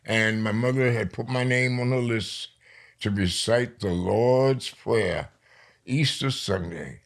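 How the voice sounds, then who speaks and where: Gravelly older man telling stories. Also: medium pitch. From New York. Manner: lively storyteller, slows down for emphasis. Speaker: poet guest. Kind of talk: storytelling interview.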